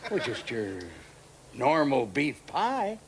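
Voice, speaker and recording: An actor playing a friendly, hesitant frontier settler who fills pauses with "uh". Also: male voice, medium pitch, very animated, background noise. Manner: hesitant with fillers, gravelly.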